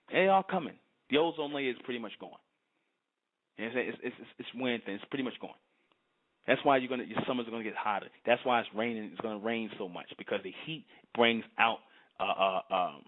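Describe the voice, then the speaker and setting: A man in a fervent monologue, emphatic and repetitive, often asking if the listener understands. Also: on the low side. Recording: tinny phone-like sound.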